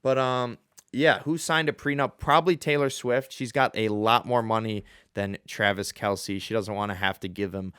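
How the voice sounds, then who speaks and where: A man's voice: on the low side, fairly even intonation, normal speed, a bit bright, clean tone, no room sound, clean studio sound. A young man hosting a casual solo sports show, chatty and jokey, with fillers and self-corrections. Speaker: sports podcast host.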